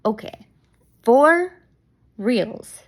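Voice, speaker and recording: A young woman talking casually to camera in a vlog, rambling and excitable, laughing often and restarting her sentences. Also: on the high side, very slow. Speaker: vlogger. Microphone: camera mic.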